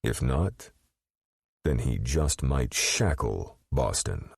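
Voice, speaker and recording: A man narrating an audiobook in a measured, expressive storytelling manner. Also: a bass voice, creaky, breathy edge, dry recording, clean studio sound.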